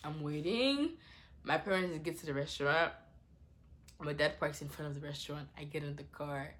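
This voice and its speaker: A young woman with a low-pitched voice tells a dramatic personal story in a casual vlog at normal speed. She swings between hushed asides and loud exclamations.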